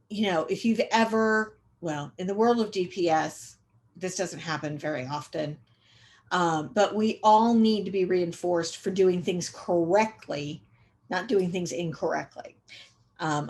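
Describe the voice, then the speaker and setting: A middle-aged woman giving a conversational training lecture to educators, repeating key points for emphasis and often pausing on "um". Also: fairly low pitch, a little hiss or hum. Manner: conversational, repetitive emphasis, frequent um fillers. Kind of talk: recorded training webinar lecture.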